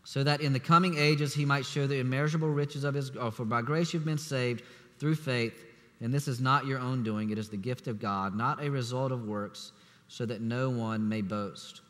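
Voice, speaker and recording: A man preaching a sermon as assistant pastor, speaking conversationally with restarts and fillers, sometimes dropping to a hushed voice. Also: mid-range voice, steady tone, moderate pace. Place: church sanctuary. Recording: echoey church hall.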